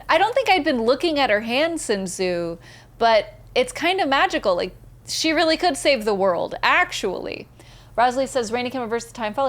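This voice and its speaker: A woman's voice: a little high, a bit bright. A woman live-streaming a game, chatting casually, laughing often and reading viewer messages aloud. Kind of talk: casual live-stream chat while gaming.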